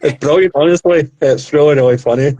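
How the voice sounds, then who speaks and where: A man in his thirties, a podcast co-host, retelling comedy skits in a rambling, animated casual chat. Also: on the high side, fast talker.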